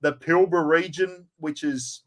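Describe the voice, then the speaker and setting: A man's voice: a little high, fairly even intonation, measured pace. An Australian man hosting a podcast, talking in a laid-back, casual way and swearing now and then. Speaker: podcast host. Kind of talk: casual chat.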